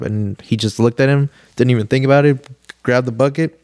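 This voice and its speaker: A man's voice: medium pitch, level tone, fast talker, a little mellow, dry recording, studio quality. A young man, a podcast guest telling a long story in a laid-back, slangy way, full of "like" and "dude". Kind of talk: casual storytelling chat.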